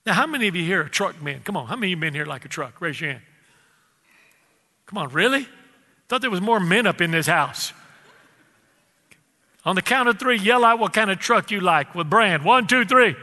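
A man's voice: high-pitched, sharp tone. A male pastor preaching a sermon, calling out to the congregation and stretching out his key words. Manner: preacherly, calls out to the congregation, drawn-out emphasis. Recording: reverberant hall.

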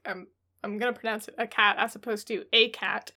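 A woman's voice: medium pitch, steady tone, brisk, bright, forceful tone. A woman co-hosting a comedy podcast, reading romance blurbs aloud in a wry, giggly, mock-dramatic way. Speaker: podcast co-host.

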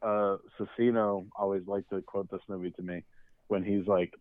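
A man's voice: deep voice, flat delivery, normal speed, dry recording. A man co-hosting a podcast, telling anecdotes in casual movie chat. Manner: chatty, storytelling, with fillers. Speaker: podcast co-host. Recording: dry, tinny phone-like line.

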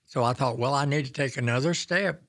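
A man in his nineties from Oklahoma spins folksy, self-deprecating stories from his years in office. His voice sits at an ordinary middle pitch, and the sound is dry and close with no room around it. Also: brisk, a bit bright, no room sound. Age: 90s. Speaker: former governor, guest. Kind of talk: storytelling reminiscence.

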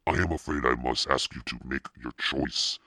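A man reading aloud and voicing a curt, strange shopkeeper in a black cape who speaks quietly. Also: very deep voice, normal speed, slightly rough, no room sound, clean studio sound, full character voice.

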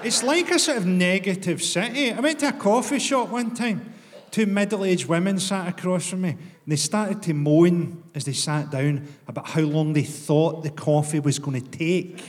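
Deadpan Glaswegian stand-up with a dark edge. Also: male voice, sits high, normal speed, crowd noise. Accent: Glaswegian Scottish. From Scotland. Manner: deadpan, dark and profane, with bursts of mock outrage. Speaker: stand-up comedian. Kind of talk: stand-up comedy set. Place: comedy venue with audience laughter. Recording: long hall reverb, clear ambient noise.

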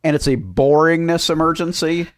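A man's voice: on the high side, normal speed. A man co-hosting a casual comedy podcast, playful and eager, often laughing and egging the others on. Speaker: podcast co-host.

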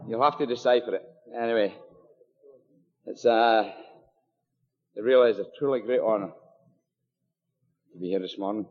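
A man's voice: fairly low pitch, moderate pace, long pauses. An older man with a thick Glasgow-area Scottish accent shares his story with a meeting audience. He talks in a loose, joking way, full of fillers and asides. The sound is dull and carries a long hall echo. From Scotland. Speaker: AA meeting speaker. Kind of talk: personal recovery talk at a meeting.

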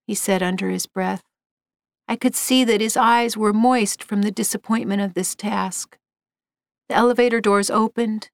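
A woman's voice: mid-range voice, dry recording. Female narrator, somber scripted storytelling, dry booth sound.

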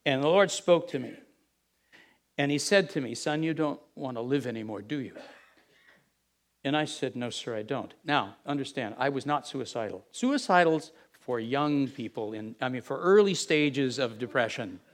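A man's voice: medium pitch, lively intonation, normal speed. A middle-aged man, a pastor, telling a candid confessional story in a sermon.

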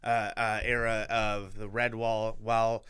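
A man's voice: on the low side, little pitch movement, unhurried, fairly bright tone, clean tone. A young man co-hosting a podcast, casually retelling a book with lots of fillers and restarts. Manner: rambling, filler-heavy storytelling. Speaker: podcast co-host.

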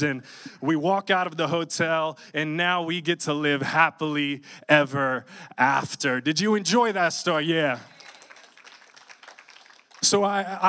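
A young man preaching, telling a funny personal story in an animated, jokey way. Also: fairly high pitch. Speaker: pastor. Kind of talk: storytelling sermon.

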